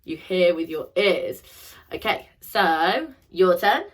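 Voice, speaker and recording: A woman's voice: fairly low pitch, expressive, takes it slowly. A young woman teaching a phonics lesson to children, drilling sounds in call and response and praising each answer.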